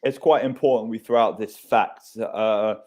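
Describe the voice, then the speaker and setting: A man's voice: lowish voice, fairly even intonation, normal speed, darkish tone. A man in his thirties hosting a casual podcast chat, telling stories animatedly and swearing freely.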